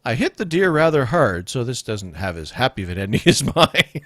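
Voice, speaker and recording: Male radio host, jokey and rambling, very expressive pitch, dry close-mic sound. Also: fairly quick, dry recording. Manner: jokey, laughs often, rambling asides. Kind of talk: casual comedic podcast chat.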